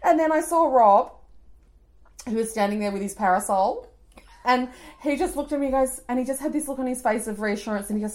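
A woman's voice: a little high, normal speed. A woman in her forties with an Australian accent, co-hosting a podcast and telling a story in casual chat. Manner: animated storytelling, laughing, acting out voices. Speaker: podcast co-host.

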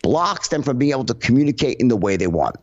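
Man, podcast guest, animated swooping delivery, acts out example tones, dull lo-fi audio. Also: medium pitch, quick pace. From United States. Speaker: podcast guest, sales trainer. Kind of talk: casual conversational interview.

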